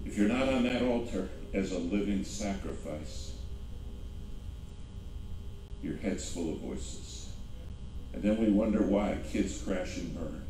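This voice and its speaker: Male pastor, deep voice, dramatic sermon storyteller, heard from a distance in a very reverberant sanctuary. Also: lively intonation, moderate pace. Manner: dramatic storytelling, emphatic repetition. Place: large echoey church sanctuary. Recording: very echoey hall from a distance, music underneath. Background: soft background music.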